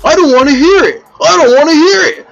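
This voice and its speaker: An uptight, flustered middle-aged dad, as a man puts him on, stammering in a shrill, squeaky voice. He sounds huffy and loud. The pitch jumps far above the man's own. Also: lively intonation, moderate pace, vocal fry, dull audio, soft background music, exaggerated voice.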